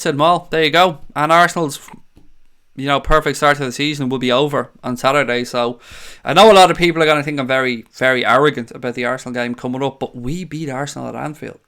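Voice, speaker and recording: Man, fan livestream host, hyper and excitable, swears a lot, fairly high voice, smooth clear tone. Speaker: fan channel host reading live chat. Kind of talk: casual livestream chat. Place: home studio with green screen.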